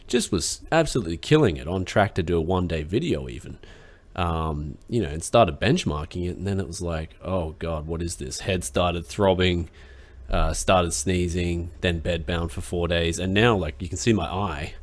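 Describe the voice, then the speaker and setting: Deep-voiced Australian tech host. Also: male voice, moderate pace. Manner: laid-back, rambling, lots of fillers. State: recovering from flu. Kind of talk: casual tech chat.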